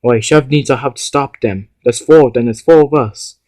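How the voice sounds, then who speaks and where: A male voice acting out a homemade toy-car drama, with excited, stumbling, improvised lines. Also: medium pitch, normal speed, no room sound.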